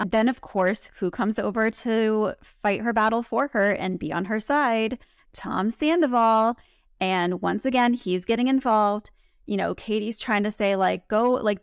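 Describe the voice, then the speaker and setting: Gravelly-voiced woman recapping reality TV. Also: mid-range voice, no echo, clean studio sound. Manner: chatty, animated retelling with quoted asides. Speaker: podcast co-host. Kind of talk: casual recap chat.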